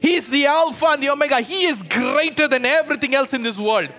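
High, bright-voiced preacher exhorting his congregation. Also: expressive, quick pace, faint music behind. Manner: fervent, exhorting, calls out to the congregation. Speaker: pastor. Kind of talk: sermon. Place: church with a live congregation.

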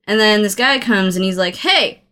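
A woman casually recapping a film plot in conversation, with a relaxed, chatty manner and the odd swear word. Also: mid-range voice, fairly quick, clean tone. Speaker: podcast co-host recapping a film. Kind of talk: casual chat.

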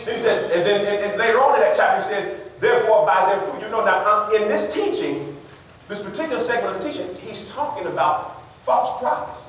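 A pastor giving an animated sermon, laughing and acting out quotes with emphasis. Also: male voice, sits high, brisk, a little hiss or hum. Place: church hall. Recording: roomy church sound from a distance with congregation. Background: congregation responding.

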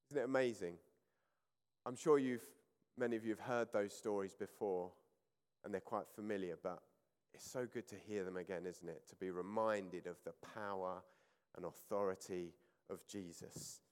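A man's voice: low-pitched, normal speed, pauses often, clear, resonant tone. Preaching man in a reverberant hall. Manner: reads scripture aloud with rising emphasis, then explains it calmly. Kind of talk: sermon reading and explaining scripture. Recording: church hall with long reverb.

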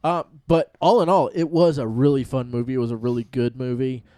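A man co-hosting a casual movie chat, relaxed and hesitant, with many pauses and ums. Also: medium pitch, no echo, studio quality. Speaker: podcast co-host.

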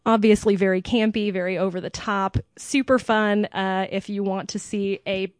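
A woman's voice: medium pitch, steady tone, moderate pace, no echo. Chatty upbeat woman, dry close sound. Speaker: podcast co-host. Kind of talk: casual chat.

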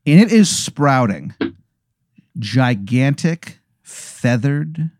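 A man improvising a comic hypothetical scene, halting and searching for words with many fillers. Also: medium pitch, animated, a little mellow, no room sound, clean studio sound. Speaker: storyteller posing a hypothetical. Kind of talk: improvised comedic narration.

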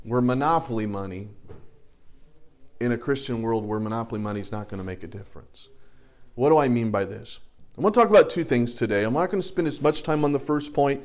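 A middle-aged man teaching a Bible class, preaching in a conversational way with everyday illustrations. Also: mid-range voice. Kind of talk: sermon.

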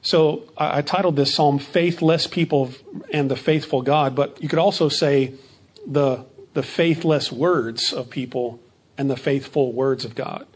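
A man's voice: medium pitch, steady tone, a little slow, husky. A man, a pastor leading a midweek Bible study in a conversational way, often asking rhetorical questions and repeating phrases.

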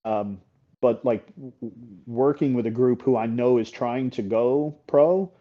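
A middle-aged paintball coach talking as a podcast guest, candid and blunt, swearing freely and often checking in with "right?". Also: male voice, mid-range voice, unhurried. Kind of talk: casual interview talk. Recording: slightly dull podcast audio.

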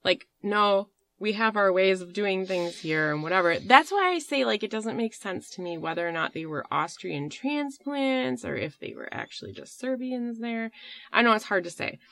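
A woman's voice: mid-range voice, big pitch swings, moderate pace, gravelly, fairly bright tone. A woman hosting a podcast, telling a story in a rambling, casual way with fillers and swearing. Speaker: podcast host.

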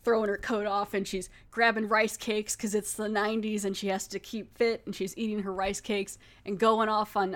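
A woman podcast host recapping a TV episode in casual chat, animatedly acting out the characters' lines and laughing often. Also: medium pitch.

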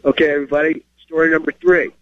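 A man's voice: on the high side, little pitch movement, quick pace, no echo, highs cut off. A man hosting a firearms segment, explaining carry rules in a plain, emphatic way and reading short stories aloud with his own comments. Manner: plain-spoken, emphatic, checks in with "okay?". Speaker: firearms instructor and show host. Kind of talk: instructional talk and story reading.

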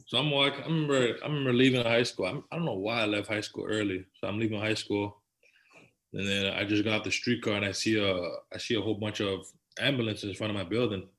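Man, twenties, lowish voice, earnest, repetitive, slangy, casual storytelling. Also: fairly even intonation, fast talker, fairly bright tone. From Toronto, Canada. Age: 20s. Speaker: podcast guest. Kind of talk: personal storytelling in casual conversation.

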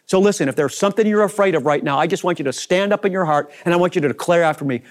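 Fervent high-voiced male preacher. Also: racing, few pauses. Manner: leads listeners in bold spoken declarations of prayer; addresses listeners as beloved. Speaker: rabbi preaching. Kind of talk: fervent sermon.

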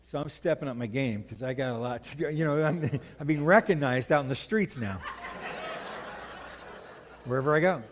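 A pastor with a medium-pitched voice delivers a sermon at a moderate pace, pausing often, in a large hall with slight background noise. Speaking to the congregation in the church sanctuary, he's conversational and joking, with animated stories.

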